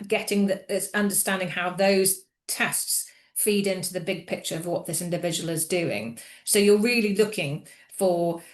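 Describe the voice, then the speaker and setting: Brief: woman, lowish voice, halting webinar presenter, roomy echo. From United Kingdom. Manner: hesitant, frequent fillers and restarts. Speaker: employment law speaker.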